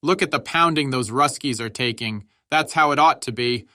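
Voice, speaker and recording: A man voicing an excitable young soldier who cheers loudly. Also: mid-range voice, moderate pace, no echo, clean studio sound, lightly acted. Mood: elated.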